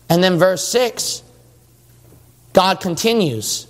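A man's voice: high voice, lively intonation, takes it slowly, long pauses, a bit bright. A man preaching a sermon emphatically, often asking his congregation questions. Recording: long church reverb.

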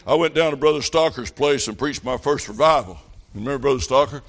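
A man's voice: medium pitch, brisk. A middle-aged man preaching a revival sermon, telling folksy stories that rise to fervent calls.

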